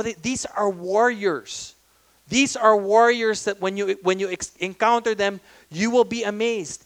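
Male preacher, Filipino accent, high and clear voice, chatty sermon full of restarts. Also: fairly bright tone. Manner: conversational, repeats words, frequent restarts. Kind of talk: sermon mixing English and Tagalog.

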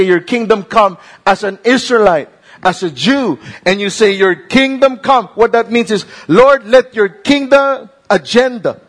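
A man with a Filipino accent preaching a sermon, asking rhetorical questions and slowing down to stress key words. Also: sits high. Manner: switches between English and Tagalog, rhetorical questions, slows for emphasis. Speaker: pastor.

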